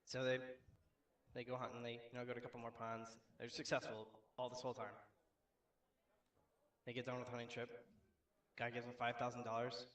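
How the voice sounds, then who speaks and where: Brief: lively joke-teller, bright tone, distant roomy sound, acts out each character. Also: male voice, a little fast, long pauses. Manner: animated, acts out characters with big pitch jumps. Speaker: comedian telling a joke. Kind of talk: joke telling at an open mic.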